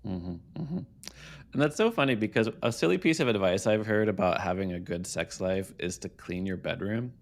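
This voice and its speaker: A man hosting a podcast interview, asking relaxed, curious questions and murmuring agreement. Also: on the low side, normal speed. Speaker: podcast host.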